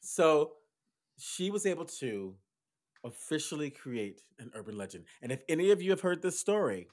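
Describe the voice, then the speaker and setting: A man co-hosting a podcast, telling a story theatrically, switching between loud bursts and hushed asides. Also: a little high, big pitch swings, normal speed. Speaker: podcast co-host.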